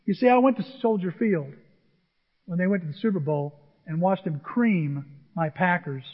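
A man in his sixties preaching a sermon, telling a personal story in an animated, emotional way. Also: high-pitched, moderate pace. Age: 60s. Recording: echoey hall, dull lo-fi sound.

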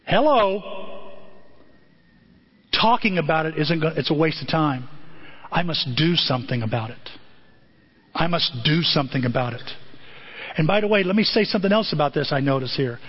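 Pastor, male, higher voice, preaching emphatically in a church auditorium, dull lo-fi recording. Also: lively intonation, a little fast, slightly rough. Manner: emphatic, repeats points for stress, speaks to the congregation directly. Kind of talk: sermon.

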